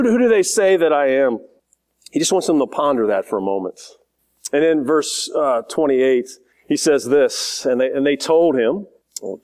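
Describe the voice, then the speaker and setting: A man's voice: on the high side, a little mellow. A man preaching a sermon, earnest and often repeating words as he builds his points. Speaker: pastor.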